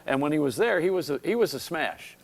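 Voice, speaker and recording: A male late-night talk show host in a TV studio, flattering and encouraging his guest. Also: on the high side, brisk, vocal fry. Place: TV studio set.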